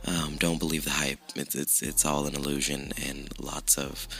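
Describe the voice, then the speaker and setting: A man hosting his own podcast, chatting casually with lots of swearing and self-mockery, his voice rough with morning allergies. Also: a bass voice, level tone, normal speed, sharp tone. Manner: chatty, profane, self-mocking. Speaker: podcast host. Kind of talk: casual solo podcast chat.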